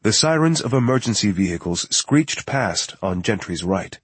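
A man narrating a thriller audiobook in a measured, grave, steady manner. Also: on the low side, breathy edge, no echo. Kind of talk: scripted narration.

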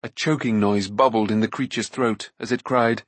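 A man with a husky voice narrating a fantasy novel in expressive, measured storytelling. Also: lowish voice, no echo. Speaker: audiobook narrator.

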